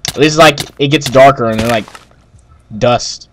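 A young man casually chatting and laughing while playing a co-op game, exclaiming loudly at every mishap. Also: mid-range voice, normal speed, a little hiss or hum. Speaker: Minecraft co-op player. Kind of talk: casual gameplay chat.

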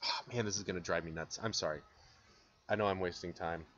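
A man's voice: sits low, steady tone, fairly quick, a bit bright, lo-fi sound. A young man, a philosophy lecturer, giving a casual recorded lecture, chatty and self-deprecating, acting out examples as he goes.

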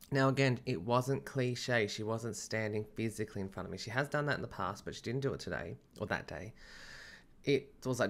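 A man's voice: on the low side, a bit bright. A man telling a personal story in a casual, chatty podcast monologue, often breaking into laughter. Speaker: medium and podcast host.

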